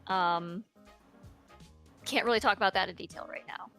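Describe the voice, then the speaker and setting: A woman chatting on a livestream about her animation work, unhurried and thinking aloud as she goes. Her voice has a gravelly edge and sits at an ordinary middle pitch. Faint music plays behind her. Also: a bit bright. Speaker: creator of an animated series. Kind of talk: casual livestream chat.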